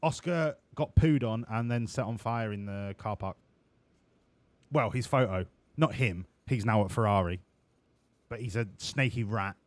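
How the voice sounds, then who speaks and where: A man's voice: on the low side, unhurried, no echo. A man doing live-streamed gameplay commentary, profane, jokey and rambling. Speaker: game streamer.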